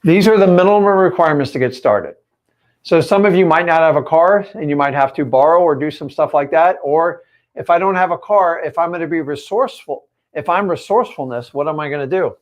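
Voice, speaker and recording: A man's voice: a little high, brisk, muffled recording. A man coaching his viewers on a live stream, talking straight at them in an emphatic, direct way. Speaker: real estate coach.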